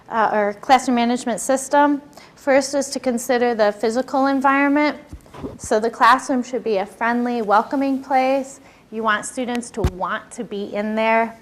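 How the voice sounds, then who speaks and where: A woman giving a workshop lecture on classroom behavior, talking conversationally and asking her audience questions. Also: fairly high pitch.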